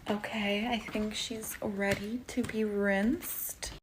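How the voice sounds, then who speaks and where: A woman vlogging casually at home into a handheld phone, drawling with vocal fry and filling her talk with "like" and "um". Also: mid-range voice, little pitch movement, slow pace, slight background noise. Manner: drawling, peppered with "like" and "um". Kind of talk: casual confessional vlog talk.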